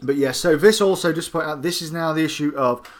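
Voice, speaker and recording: A man's voice: a little high, fast. A man, casually reviewing a collectible figure and its magazine in a rambling, jokey way. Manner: rambling and jokey, with many fillers and asides.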